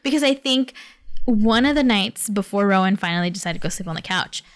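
A woman's voice: mid-range voice, lively intonation, a little fast, clear, resonant tone. A young woman in casual chat, retelling a book plot and acting out its characters' lines.

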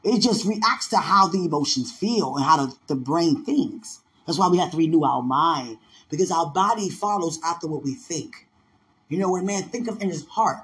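High-pitched dc guy on a stream, laughy, animated, drops into little voices. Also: normal speed. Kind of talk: casual storytelling chat.

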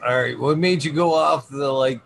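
A man's voice: medium pitch, normal speed, creaky, a bit bright. A man in a casual podcast chat, joking, swearing casually and quizzing his friend. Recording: faint background noise.

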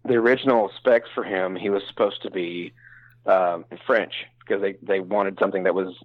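A man's voice: sits low, steady tone, normal speed, dry recording, phone-quality sound. A man talking frankly in a casual interview, rambling and self-deprecating with many restarts. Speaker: voice actor guest.

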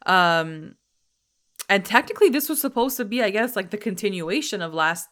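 A woman's voice: mid-range voice, animated, moderate pace, fairly bright tone. A young woman chatting casually as a co-host, giving her opinion on a TV episode in a hedging, filler-heavy way. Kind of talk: casual chat.

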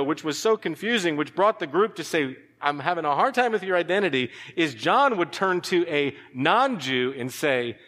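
A male pastor preaching a sermon, animated, with sudden drops to a hushed voice. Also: a little high. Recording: long hall reverb.

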